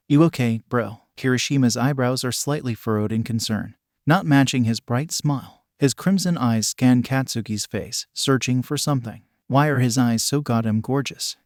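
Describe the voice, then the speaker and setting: A man narrating a fan-written story in a steady, even reading style. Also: mid-range voice, no room sound, studio quality. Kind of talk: scripted fan-fiction narration.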